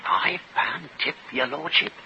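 An actor playing a flustered, fussy hotel desk clerk who stammers and flutters, in a 1940s radio comedy. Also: male voice, on the high side, measured pace, sharp tone, lo-fi sound. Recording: hissy old radio broadcast.

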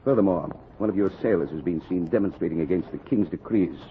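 An actor playing a stern British naval captain who threatens a ship's crew, in old radio drama acting. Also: male voice, low-pitched, fast talker, slight background noise. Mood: threatening. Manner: cold, threatening. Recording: tinny lo-fi old radio recording.

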